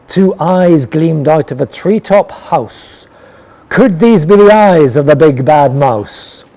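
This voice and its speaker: A man reading a rhyming picture book aloud with a rhythmic, expressive delivery. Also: fairly high pitch, slow. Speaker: storyteller.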